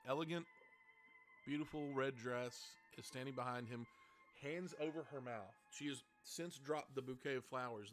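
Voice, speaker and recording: A man's voice: medium pitch, fairly bright tone. A man narrating as game master of a tabletop game, rambling and correcting himself.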